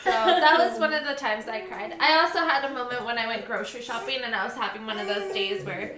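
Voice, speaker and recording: High-voiced young woman telling a story. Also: fast, reverberant, a crowd in the background. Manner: chatty, laughs through her story. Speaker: podcast co-host. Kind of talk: casual chat, storytelling.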